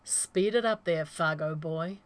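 A woman's voice: low voice, unhurried, smooth. A woman reading a drawling, laconic cowboy.

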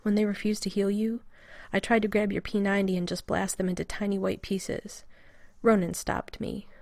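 A woman's voice: mid-range voice, level tone, moderate pace, gravelly, a little mellow, no room sound, studio quality, close to an everyday voice. A woman reading a frantic, exhausted male scientist who rambles anxiously in a storybook reading. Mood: rambling.

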